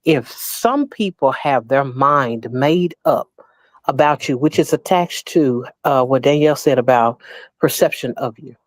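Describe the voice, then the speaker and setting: Slow, measured woman in a panel chat. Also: very deep voice, expressive, no room sound. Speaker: panel guest.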